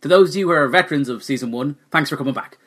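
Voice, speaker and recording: A man's voice: a little high, rapid-fire, fairly bright tone. A man introducing his comedy podcast with wry, self-mocking humour. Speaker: podcast host. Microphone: new studio microphone.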